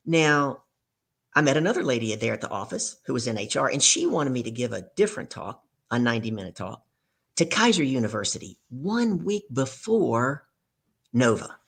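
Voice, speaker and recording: A middle-aged woman spins an animated story during an interview. She voices the people in it as she goes. Her voice has a gravelly fry and a husky edge. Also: rumbling low, normal speed. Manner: animated storyteller acting out dialogue. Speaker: guest speaker.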